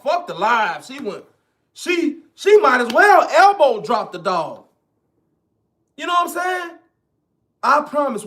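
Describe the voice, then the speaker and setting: A man's voice: extremely high pitch, a bit bright. A man ranting in casual, profane, emphatic commentary straight to his viewers. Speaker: online commentator.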